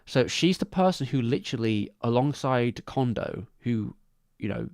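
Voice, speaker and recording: A man's voice: medium pitch, lively intonation, normal speed, creaky, a little mellow, dry recording, studio quality. A man streaming live, talking casually about animation credits, with many restarts and asides. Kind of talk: casual livestream commentary.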